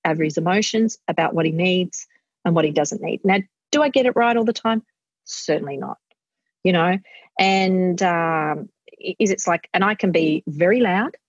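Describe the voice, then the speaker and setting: A woman's voice: on the low side, slightly rough, dry recording. A middle-aged woman being interviewed in casual chat, animatedly acting out what she tells her kids. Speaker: guest. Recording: muffled dry audio.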